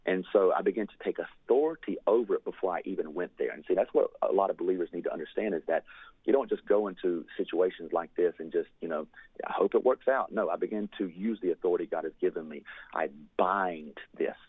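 Deep husky man on a tinny line. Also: fast talker, no echo. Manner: earnest, fervent, with many "you know" fillers. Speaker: guest telling a ministry testimony. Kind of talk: storytelling testimony. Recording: dry, tinny phone-like line.

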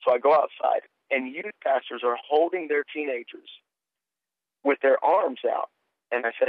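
A man's voice: mid-range voice, normal speed, dry recording. A middle-aged man, a preacher and guest, earnestly telling stories of faith and healing. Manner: earnest storytelling, animated retelling of dialogue. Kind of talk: testimony-sharing interview. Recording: tinny phone-line sound.

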